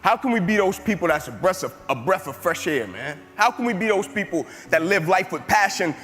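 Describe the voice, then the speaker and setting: High-voiced man preaching in echoey hall. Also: lively intonation, brisk, fairly bright tone. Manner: emphatic, repetitive building cadences. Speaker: motivational speaker. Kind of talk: live inspirational speech. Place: large hall before an audience. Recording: reverberant hall with music underneath.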